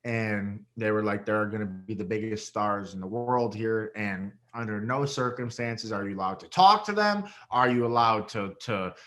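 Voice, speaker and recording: A young man from Rochester, New York, a reality show winner appearing as a guest in a casual interview, tells a story with animation and swearing, acting out quotes with big vocal jumps. His voice is on the low side, moderately paced, with hardly any pauses.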